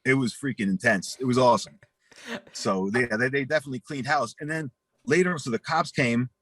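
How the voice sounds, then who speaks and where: A man's voice: medium pitch, a little fast, breathy edge, no echo. A man being interviewed, telling a rowdy story full of swearing and acted-out quotes. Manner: profane, animated storyteller acting out quotes. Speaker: interview guest.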